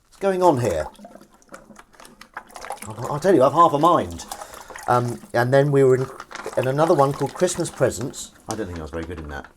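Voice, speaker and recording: A very animated mid-range male voice moves at a moderate pace with long pauses and a little hiss or hum. He's doing the dishes on stream, rambling, chatting and teasing viewers, as water runs and dishes clatter behind him.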